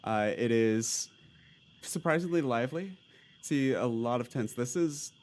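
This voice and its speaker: A man narrating a tabletop role-playing session as its game master. His voice sits at an ordinary pitch, and he talks casually, dotting his scene descriptions with "uh". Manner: narration full of uh fillers and laughs.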